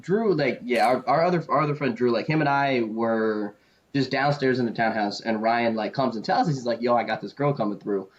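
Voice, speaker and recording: A man's voice: mid-range voice, a little fast, dull audio. A young man co-hosting a podcast, telling a story casually, swearing freely and often laughing. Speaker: podcast co-host.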